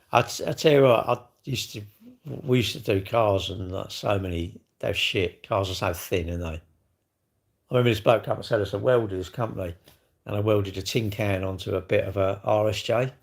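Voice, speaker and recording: A man's voice: on the low side, normal speed, vocal fry. A middle-aged man livestreaming, telling blunt, sweary stories in casual chat to his viewers. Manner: blunt, swearing, chatty storyteller.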